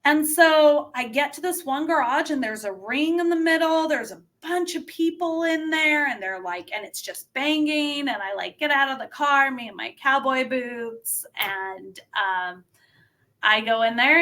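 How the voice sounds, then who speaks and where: Bright-voiced woman telling stories slowly. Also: fairly high pitch. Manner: animated, laughing, lots of fillers. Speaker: wrestler, podcast guest. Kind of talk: casual storytelling.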